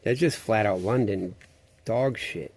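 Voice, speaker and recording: A man's voice: lowish voice, a little slow, darkish tone, breathy edge. Rambling profane man. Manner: profane, meandering, conspiratorial. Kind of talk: rambling monologue.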